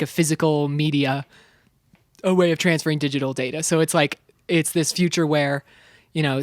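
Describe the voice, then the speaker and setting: A man's voice: a little high, dry recording, studio quality. A man co-hosting a podcast in casual chat, earnest and enthusiastic, with small stumbles. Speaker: podcast co-host.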